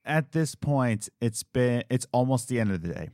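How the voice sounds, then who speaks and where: Animated man telling a story. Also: medium pitch, brisk, few pauses, dry recording, studio quality. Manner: animated, acts out quoted voices. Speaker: podcast host. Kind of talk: casual storytelling.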